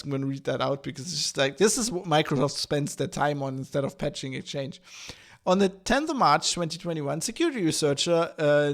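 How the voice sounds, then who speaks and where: Sarcastic man ranting on a podcast. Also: a little high. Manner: animated, sarcastic, puts on mocking voices. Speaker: podcast host. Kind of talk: casual ranting commentary.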